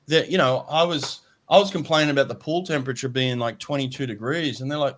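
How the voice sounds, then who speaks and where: A man's voice: medium pitch, fast talker, hardly any pauses, a bit bright. A man hosting a casual swimming podcast, rambling and repeating himself. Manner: rambling, repeats words, says "mate" often. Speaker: podcast host. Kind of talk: casual chat.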